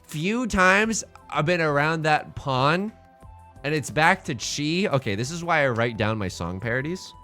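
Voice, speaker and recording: A man's voice: fairly high pitch, measured pace, faint music behind. A man streaming a game live, commenting casually with jokes and rambling asides. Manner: joking, animated, rambling asides.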